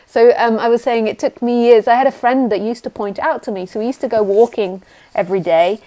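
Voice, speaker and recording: A woman's voice: a little high, a little fast, warm tone. A woman speaking as a spiritual teacher in a casual video call, chatty and laughing often, swearing freely and acting out quotes. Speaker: spiritual teacher, host of live broadcast. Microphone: computer mic on a video call.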